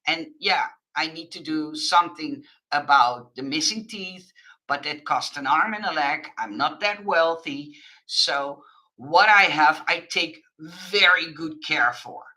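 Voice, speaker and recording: A woman's voice: sits low, measured pace, sharp tone, rough recording. A woman craft vlogger chatting frankly to her viewers in English, laughing often. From Netherlands. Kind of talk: casual chat to viewers.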